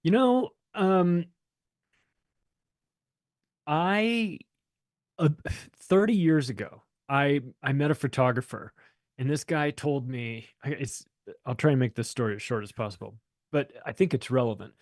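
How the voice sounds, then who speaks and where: A man's voice: mid-range voice, unhurried, pauses often, no echo, studio quality. A man guesting on a podcast, telling a long story in a rambling, profane, casual way and acting out the voices of the people in it.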